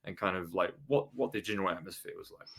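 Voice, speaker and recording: A man hosting a podcast in casual chat, relaxed and hedging with fillers. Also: deep voice, quick pace, breathy edge. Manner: relaxed, hedging with "you know" and "um". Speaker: podcast host.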